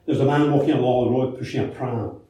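A man's voice: mid-range voice, steady tone, fast talker, mellow. A man preaching a sermon in a conversational way, asking rhetorical questions and telling anecdotes, heard in a church. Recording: very echoey church hall from a distance.

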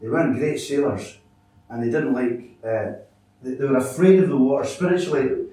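Male preacher, earnest and halting, mellow tone, distant mic in a reverberant church. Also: medium pitch. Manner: earnest, halting, with many restarts and fillers. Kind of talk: sermon. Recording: echoey hall, from a distance.

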